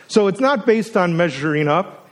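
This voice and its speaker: A man preaching a sermon as a guest speaker, earnest and emotional, at times choked up, his voice rising to emphatic peaks and sinking to a near hush. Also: high voice, animated, normal speed. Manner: earnest, emotional, swells up then drops to a hush.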